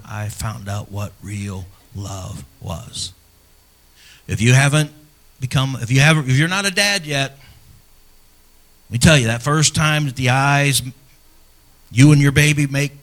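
A middle-aged man, a pastor, preaching a sermon in a church, earnest and personal, swinging from loud emphasis to hushed, near-whispered lines. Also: medium pitch, moderate pace. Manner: earnest and personal, speaking to fathers.

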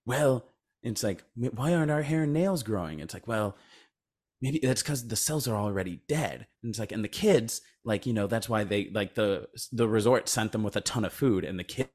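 A man with a fairly low voice, co-hosting a casual movie podcast. He rambles through the plot, swears freely and drops into a low mumble when quoting characters. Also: moderate pace, a little mellow. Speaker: podcast co-host. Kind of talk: casual movie-review chat.

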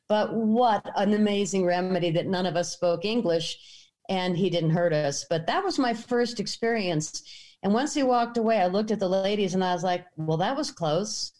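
A middle-aged American woman telling a personal story in a lively way, acting out the voices of the people in it. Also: medium pitch, moderate pace. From United States. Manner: animated, acts out quotes.

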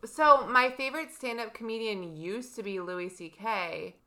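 A woman guest on a podcast, answering in a hesitant, soft-spoken way. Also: fairly high pitch, a little slow, a loud crowd. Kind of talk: casual chat.

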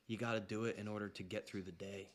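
A man's voice: lowish voice, fairly even intonation, fast. A man with a Canadian accent co-hosting a podcast, joking, teasing and swearing in casual chat. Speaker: podcast co-host.

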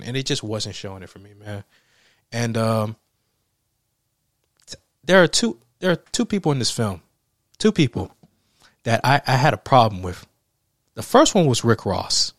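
A man's voice: mid-range voice, big pitch swings, moderate pace, long pauses, no room sound, clean studio sound. A man giving a casual, profane film review rant, exasperated and laughing often. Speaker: movie reviewer.

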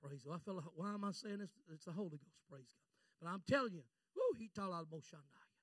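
A middle-aged man preaching a fervent Pentecostal sermon, swinging from shouts to hushed storytelling. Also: high voice, very animated, quick pace, no echo. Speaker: visiting preacher.

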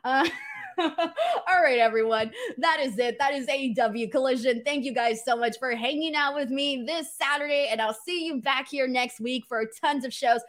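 A woman's voice: sits high, normal speed, hardly any pauses, a bit bright. A woman hosting a live stream from home, chatting casually and animatedly while reading viewer messages, laughing often. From Los Angeles-based, lives in L.A. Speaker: wrestling show host. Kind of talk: live stream chat reading super chats.

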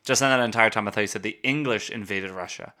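A man co-hosting a casual podcast, chiming in with short reactions and quick jokes. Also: fairly low pitch, pushed and bright. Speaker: podcast co-host. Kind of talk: casual chat.

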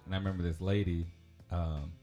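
A man's voice: low-pitched, flat delivery, a little fast, warm tone, highs cut off, soft background music. A man, telling a personal story in a casual, rambling way with many fillers and laughs. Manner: rambling, chatty, laughs often, lots of fillers. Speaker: podcast host.

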